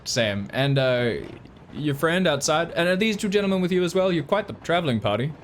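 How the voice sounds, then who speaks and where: A man's voice: fairly high pitch, animated, fairly quick, a little hiss or hum, pitched above the performer's own voice, natural voice. A man voicing a grieving widowed father who is earnest and folksy, talking in a rambling, stammering way. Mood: friendly.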